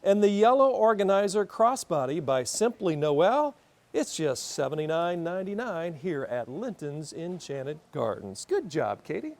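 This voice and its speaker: A man's voice: on the high side, very animated, measured pace, darkish tone. A man hosting a local television segment, reading off products and prices in an upbeat, salesy patter. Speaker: host.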